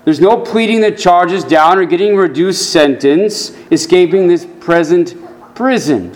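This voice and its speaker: Slow earnest preacher guy, kinda high voice, gets low and soft on the scripture quotes. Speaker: pastor. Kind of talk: sermon.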